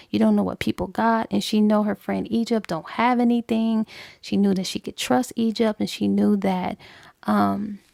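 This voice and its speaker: Woman chatting thru a book plot recap, gravelly low tone, dry close sound. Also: a little mellow, no room sound. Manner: chatty, filler-heavy storytelling. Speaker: book reviewer. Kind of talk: casual book review retelling.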